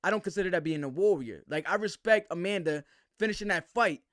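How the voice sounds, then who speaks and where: A man's voice: high-pitched, fast, a bit bright, dry recording, studio quality. A man hosting a livestream, giving heated, slangy commentary full of restarts. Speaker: host.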